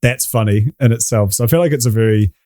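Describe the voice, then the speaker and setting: A man's voice: on the low side, quick pace, warm tone, no room sound. Guest, New Zealand man, rambling casual talker, dry close sound. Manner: sweary, rambling, laughs often. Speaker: podcast guest. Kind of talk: casual chat.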